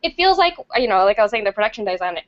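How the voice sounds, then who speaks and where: A woman's voice: mid-range voice, very animated, very fast. A woman co-hosting a film podcast, talking in a gushing, enthusiastic way in casual chat. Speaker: podcast co-host, film critic. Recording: slightly muffled lo-fi podcast audio.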